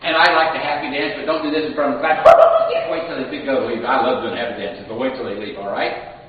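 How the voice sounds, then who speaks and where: Guy running a sales seminar, lively storyteller, far off in a big echoey hall, kinda muffled. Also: mid-range voice, fast. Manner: animated storyteller, acts out customers' lines. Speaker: sales trainer. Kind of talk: live seminar talk to a class.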